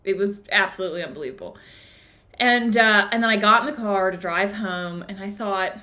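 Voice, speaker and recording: A woman hosting a book club livestream, retelling a story in a casual, animated way and acting out the quotes. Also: mid-range voice, brisk. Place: home in the woods. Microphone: streaming device, live video.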